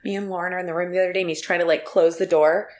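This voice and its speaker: A woman's voice: on the low side, fairly even intonation, very fast, a little mellow. A young adult woman co-hosting a podcast in casual chat, giggly and acting out quotes in playful voices. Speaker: podcast co-host.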